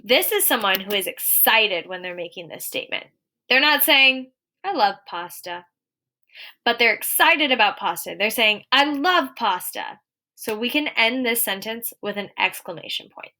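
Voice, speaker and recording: In an expressive, mid-range voice that is bright and forceful, a young adult woman records a lesson for young kids. Her delivery is clear and encouraging, and she slows down for the example sentences she reads out.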